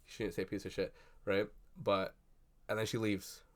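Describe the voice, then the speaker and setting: Low-voiced young man rambling excitedly. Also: moderate pace. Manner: rambling, profane, many fillers, excitable. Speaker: vlogger. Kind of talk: casual movie reaction chat. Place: at a desk indoors. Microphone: computer webcam.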